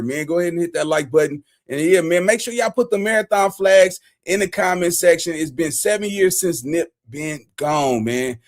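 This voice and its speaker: High-voiced man hyping a livestream. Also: a little mellow. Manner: addresses viewers directly, casual slang. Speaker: livestream host. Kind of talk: livestream chat.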